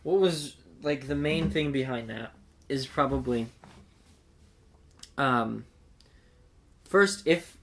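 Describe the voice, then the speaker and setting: Cursing, animated podcast co-host man. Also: medium pitch, slow, vocal fry, long pauses, a little hiss or hum. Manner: profane, animated retelling. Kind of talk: casual chat.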